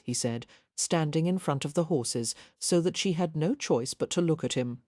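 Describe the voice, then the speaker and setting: A woman reading a historical romance audiobook in a measured, even narration. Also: low voice, no room sound, studio quality. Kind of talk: scripted narration.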